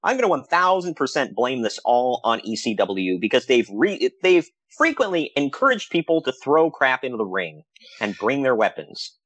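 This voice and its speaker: A man co-hosting a podcast, telling stories in a casual, animated way with frequent laughs. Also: mid-range voice, normal speed, slightly rough, dry recording. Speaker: podcast co-host. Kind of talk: casual chat.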